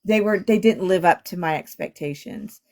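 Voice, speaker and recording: A woman's voice: fairly low pitch, moderate pace, darkish tone. A middle-aged woman chatting casually on a livestream, rambling with restarts and filler words. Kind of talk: casual chat.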